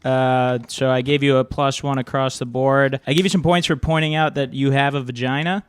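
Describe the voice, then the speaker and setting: A man judging a comedy competition, giving his scores in relaxed, halting feedback. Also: medium pitch, smooth, no room sound. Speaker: judge.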